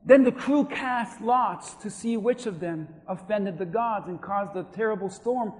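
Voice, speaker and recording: Pastor guy, high voice, slow deliberate preaching, big echo like a church hall. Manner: emphatic preaching, swinging between shouts and low asides. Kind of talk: sermon.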